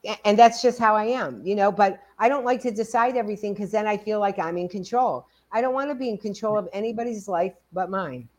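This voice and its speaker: A woman in her sixties co-hosting a podcast, telling stories in a casual, animated way. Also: mid-range voice, fairly quick, few pauses. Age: 60s. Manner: animated storytelling, acts out quoted dialogue. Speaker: podcast co-host. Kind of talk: casual conversation.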